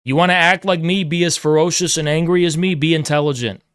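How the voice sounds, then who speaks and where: A man's voice: fairly high pitch, fairly even intonation, fast talker, a bit bright, clear, resonant tone, dry recording, studio quality. A man hosting a livestream, ranting at his chat in an aggressive, profane, repetitive lecturing way. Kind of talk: heated livestream rant to chat.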